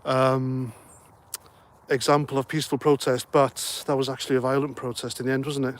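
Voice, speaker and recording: A man's voice: mid-range voice, level tone, fairly quick. Chatty man livestreaming. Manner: chatty, rambling, jokey asides. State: slightly out of breath. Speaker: livestream host. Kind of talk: casual livestream chat reading comments.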